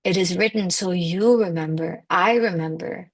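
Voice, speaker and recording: A woman's voice: on the low side, moderate pace. Emphatic woman giving a spiritual pep talk. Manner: emphatic, conversational, peppered with "like". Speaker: manifestation coach.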